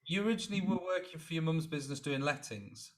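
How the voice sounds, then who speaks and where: Podcast host, male, a touch high-pitched, asks long careful questions. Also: fast talker. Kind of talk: interview questions.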